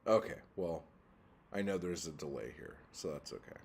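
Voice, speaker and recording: A man with a very low, husky voice chats on a casual livestream, reading comments aloud. He rambles and swears freely, getting worked up with little push. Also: animated, normal speed. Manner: profane, easily worked up, rambling. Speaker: livestream host reading chat.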